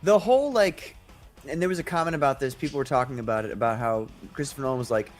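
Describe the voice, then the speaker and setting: A man's voice: mid-range voice, fast. Rambling co-host man, faint guitar behind. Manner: rambling, full of fillers like "like". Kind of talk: casual livestream chat.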